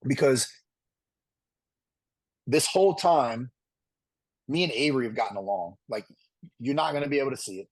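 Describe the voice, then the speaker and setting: A man's voice: medium pitch, normal speed, pauses often, low-quality recording. A man talking casually as an interviewed reality show contestant, rambling with many restarts.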